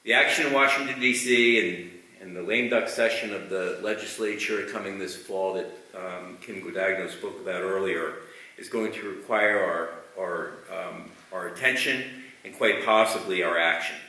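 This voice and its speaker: Speaker at a convention, deep and forceful, miked from a distance in a big reverberant room. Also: male voice, normal speed. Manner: urging the audience to take action. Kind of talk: formal speech to delegates. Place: large meeting hall. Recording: echoey hall, distant mic.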